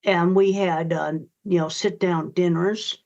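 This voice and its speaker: A woman's voice: lowish voice, steady tone, measured pace, a little mellow. Blunt older woman, dull lo-fi audio. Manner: blunt, emphatic, direct. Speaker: guest author. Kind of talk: interview answers.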